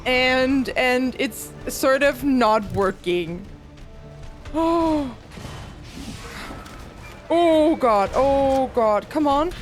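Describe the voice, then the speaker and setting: A woman's voice: high voice, animated, extremely slow, long pauses, music in the background. A woman streaming a horror game live, talking to chat and often panicking with shrieks and laughter. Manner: panicky, frequent screams and laughter.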